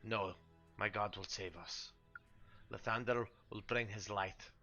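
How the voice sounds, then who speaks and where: A man's voice: on the low side, fairly even intonation, slow pace, sharp tone, dull audio, soft background music, exaggerated voice. A man voicing a devout village priest and grieving father who speaks in a solemn, pleading way that turns fervent.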